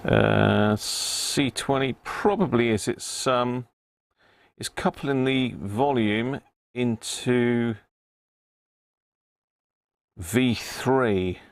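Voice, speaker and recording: A man's voice: medium pitch, extremely slow, vocal fry, long pauses, dry recording. A middle-aged man with a Devon accent, hosting a live stream as he repairs a radio, muttering readings to himself and chatting casually with viewers. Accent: Devon English. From Devon, England. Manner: thinks aloud, mutters readings, chats with viewers. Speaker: radio repair livestream host.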